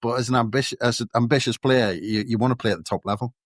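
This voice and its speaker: A man's voice: mid-range voice, quick pace, no echo, studio quality. A man with a North East English accent, co-hosting a football podcast in casual, thoughtful chat full of restarts. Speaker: podcast co-host.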